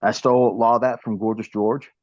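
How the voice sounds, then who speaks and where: Low-voiced man with a Southern drawl. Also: flat delivery, quick pace, dry recording. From American South. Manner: rambling storytelling with many restarts. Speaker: guest, pro wrestler. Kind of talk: casual interview talk. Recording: dull lo-fi, dry sound.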